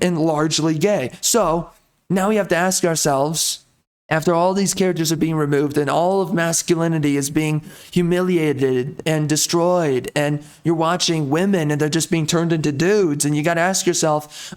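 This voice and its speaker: A young man rants through a commentary video in a somewhat high voice. He stammers, trails off and restarts his sentences again and again. His tone stays exasperated and mocking. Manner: rambling, stammering, frequent restarts. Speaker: video host.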